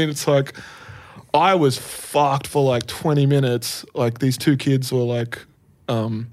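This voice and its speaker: A man's voice: medium pitch, brisk, a little mellow. Laid-back man swearing freely. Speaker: podcast co-host. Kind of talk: casual chat.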